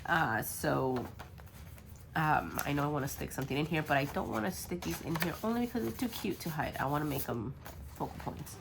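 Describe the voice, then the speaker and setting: A woman's voice: deep voice, lively intonation, a little fast, gravelly, noisy background. A woman chatting casually while crafting a journal, rambling with lots of ums, her voice worn and congested from being sick. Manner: rambling, full of ums, muttering while working.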